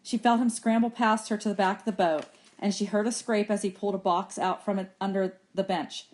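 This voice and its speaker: Reading a novel chapter aloud to her class, this woman teacher brings expression to the text and lifts her voice whenever characters speak. Her mid-range voice moves along a little fast.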